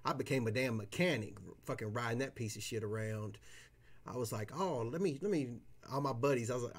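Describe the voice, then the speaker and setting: A man's voice: medium pitch, fairly quick. A man hosting a card-opening livestream, chatting casually in a profane, boisterous way. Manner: profane, boisterous, whoops loudly at big pulls. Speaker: card-breaking livestream host. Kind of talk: casual chat while opening trading cards.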